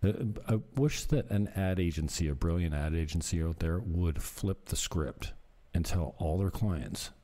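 A man's voice: deep voice, expressive, a little slow, few pauses, mellow. A man casually commenting on videos he is watching, rambling into ranty asides with some self-deprecation. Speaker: co-host reacting to videos.

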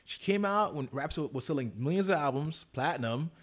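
A man with a slightly high, very lively voice talks in a loose, rambling way. He keeps restarting his sentences in casual podcast chat. His pitch swings widely as he talks. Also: brisk. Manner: animated, rambling, many restarts. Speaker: podcast co-host.

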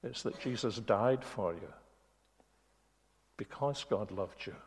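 A man preaching a sermon in a church, speaking earnestly and slowing on key words. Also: fairly low pitch, lively intonation. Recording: long reverb of a church hall.

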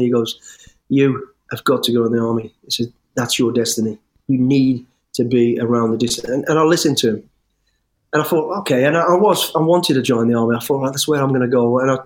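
A middle-aged man, an interview guest telling his life story in an animated, rambling way with restarts and swearing. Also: medium pitch. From English West Midlands. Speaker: interview guest, former soldier. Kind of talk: storytelling in conversation.

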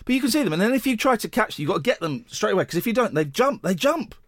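Teasing man with a wildly lively voice. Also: high voice, rapid-fire, no room sound, clean studio sound. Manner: teasing, joking, mildly sweary. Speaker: podcast host. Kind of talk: casual podcast banter.

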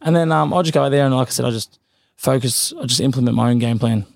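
Male boxer, rapid casual speech, dry recording. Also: mid-range voice, creaky, no room sound. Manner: rapid, loose, repeats fillers. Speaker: professional boxer, guest. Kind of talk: casual interview chat.

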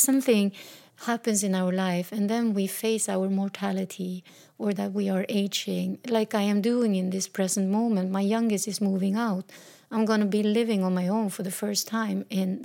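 A woman in her fifties talks slowly and thoughtfully about her own life, pausing between phrases. Her voice sits at an ordinary middle pitch, and she speaks with open, unguarded feeling. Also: creaky, a little mellow. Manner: slow, reflective and openly emotional. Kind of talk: personal reflective talk.

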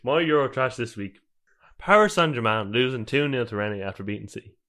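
A man co-hosting a football podcast, relaxed and rambling, often correcting himself. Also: medium pitch, fairly quick. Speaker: podcast co-host. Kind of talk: casual football chat.

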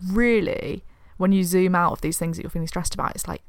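A woman's voice: on the low side, fairly quick, no room sound, clean studio sound. A woman co-hosting a podcast, chatting frankly and telling stories with swearing. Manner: frank, animated storytelling with swearing. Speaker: podcast co-host. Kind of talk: casual chat.

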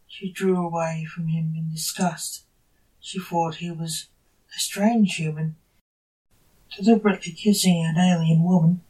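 A narrator reading an amateur story aloud in a plain, unhurried way. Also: mid-range voice, fairly even intonation, warm tone. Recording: distant from the mic.

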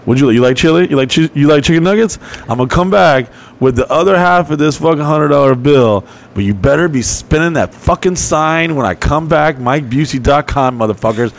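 A man's voice: on the high side, animated, a little fast, creaky, few pauses. Rambling, profane man telling stories. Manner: profane, rambling, laughing storyteller. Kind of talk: casual storytelling chat.

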